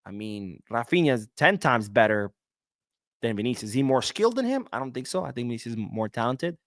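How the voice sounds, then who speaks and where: A man hosting a casual solo podcast, reading viewer comments and answering them in an animated, outspoken way, sometimes swearing. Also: medium pitch, a little fast, no echo, clean studio sound. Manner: animated, talks back to viewers, swears when worked up. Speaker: podcast host. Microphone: webcam setup, talking to camera.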